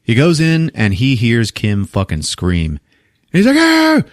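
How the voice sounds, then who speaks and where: Speaking a little slowly in a mid-range voice, this man co-hosts a podcast and walks through a movie one scene at a time. His storytelling is animated and full of swearing, and he slips into the characters' voices to perform their dialogue. The audio is dry and studio quality.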